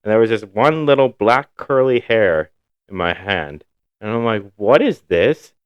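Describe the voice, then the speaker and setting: A man's voice: fairly low pitch, lively intonation, normal speed, smooth, no room sound, dull audio. A man from Ohio, co-hosting a podcast and telling stories casually, swearing freely. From Ohio, USA. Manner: loose storytelling, swears freely. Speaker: podcast co-host. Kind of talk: casual chat.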